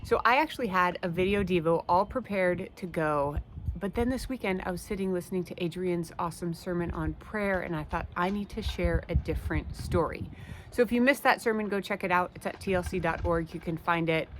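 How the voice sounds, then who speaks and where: A woman's voice: on the low side, fairly quick, slight background noise. Woman pastor telling a personal story. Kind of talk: devotional video talk.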